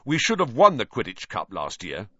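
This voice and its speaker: A man doing a brisk, bossy teen captain. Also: fairly low pitch, wildly swooping pitch, pushed and bright, slightly rough, no room sound, dull audio, full character voice. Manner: brisk, impatient, easily outraged. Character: intense, bossy teenage boy team captain.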